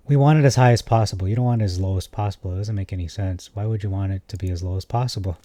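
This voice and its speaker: A man with a low, mellow voice hosts a casual stock commentary. He thinks aloud with plenty of fillers and lets out exasperated, animated asides as he reads viewer comments. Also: very fast, hardly any pauses, no echo. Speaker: stock market video host. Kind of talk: casual commentary reading chat.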